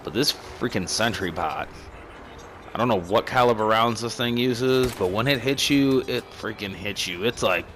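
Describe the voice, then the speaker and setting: Deep-voiced swearing gamer man. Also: normal speed, slight background noise. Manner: excitable, swears freely, rambling. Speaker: gaming commentator. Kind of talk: casual gameplay commentary.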